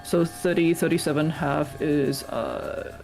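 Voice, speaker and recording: Game master, patient, mid-pitched, rule-checking. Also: fairly even intonation, slow pace, gravelly, a little mellow, soft background music. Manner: patient, clarifying rules. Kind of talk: running a tabletop game.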